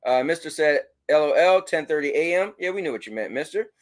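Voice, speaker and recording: A man hosting a casual livestream, reading chat messages aloud and giving shout-outs. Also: on the high side, a little fast. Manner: animated, talks to his dog. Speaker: livestream host.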